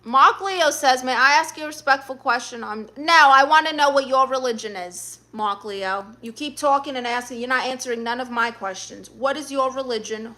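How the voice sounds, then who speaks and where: A slightly high, pushed, bright voice belongs to a woman hosting a casual livestream. She voices viewer comments and replies with sass, habitually calling people honey.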